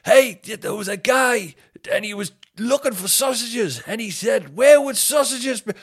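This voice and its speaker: A man mimicking a hapless male stand-up comic who shouts a flat joke at a rowdy crowd. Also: extremely high pitch, measured pace, breathy edge, voice pushed up, full character voice. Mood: overeager.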